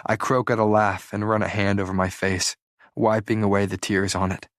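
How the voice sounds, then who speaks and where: A man's voice: lowish voice, level tone, normal speed, no echo, studio quality. A man reading a first-person audiobook chapter in a dramatic, urgent storytelling manner, acting out the dialogue. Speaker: audiobook narrator.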